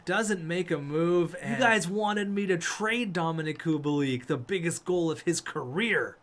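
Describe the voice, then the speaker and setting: A man's voice: a little high, measured pace. Young man hyping a hockey game. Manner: hype, shouting at players, play-by-play. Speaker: gaming video creator. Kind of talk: excited hockey game commentary.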